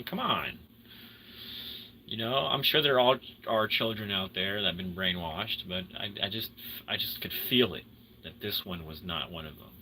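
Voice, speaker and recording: A tired man hosting a casual livestream chat with viewers, rambling and swinging between loud excitement and low mumbles. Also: a little hiss or hum. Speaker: livestream host chatting with viewers.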